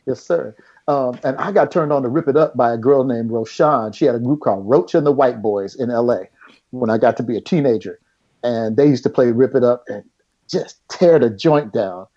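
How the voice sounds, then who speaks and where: A middle-aged man telling a story as a guest, animated and laughing as he goes. His voice is mellow and dark. The audio is dull and lo-fi. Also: medium pitch, moderate pace. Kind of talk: storytelling in casual chat.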